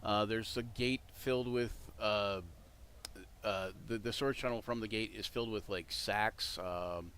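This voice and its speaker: A man's voice: on the low side, fairly even intonation, measured pace, a bit bright, slight background noise. A man running a tabletop game as game master, rambling with many restarts and fillers.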